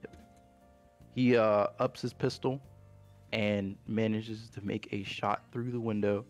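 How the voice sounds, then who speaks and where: A man's voice: on the low side, flat delivery, slow pace, soft background music. A young man running a tabletop game as game master, explaining rules casually and patiently over a voice call.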